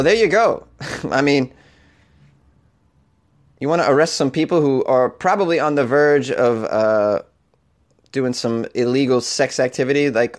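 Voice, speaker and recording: A man hosting a talk show, chatting casually, laughing often and making sarcastic remarks. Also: mid-range voice. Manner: laughing, sarcastic, easily amused. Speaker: show host.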